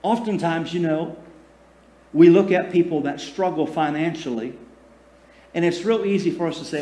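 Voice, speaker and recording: A man preaching a sermon as a pastor. He calls on the congregation to respond and swings between loud emphasis and soft, slow passages. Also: a little high. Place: church sanctuary. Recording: echoey room.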